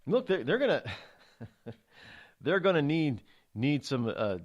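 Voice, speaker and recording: A male radio talk host delivering political commentary with sarcastic, emphatic jabs. His slightly high voice swings widely in pitch as he leans on words. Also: sing-song, measured pace, muffled recording.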